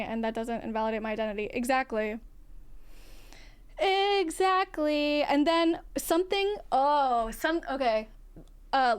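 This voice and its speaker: Laughing often and swearing occasionally, a non-binary streamer talks frankly in a casual livestream chat. Their feminine-sounding voice comes across as female, a touch high, clear and resonant.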